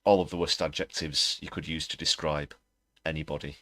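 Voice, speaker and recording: A man's voice: very deep voice, steady tone, a little fast, a bit bright, no echo, studio quality. A British man hosting a political livestream, talking bluntly and scornfully, with fillers as he thinks aloud. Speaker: host.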